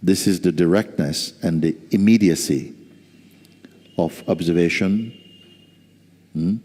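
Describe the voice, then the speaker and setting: A man as spiritual teacher giving a slow, soft-spoken satsang talk with gentle humor. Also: sits low. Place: large hall. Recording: reverberant hall.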